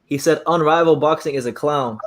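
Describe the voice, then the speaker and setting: Easygoing host guy, a bit higher voice, stumbles and repeats himself. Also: brisk. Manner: easygoing, stammers and repeats words. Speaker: boxing channel host. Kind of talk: live stream chat.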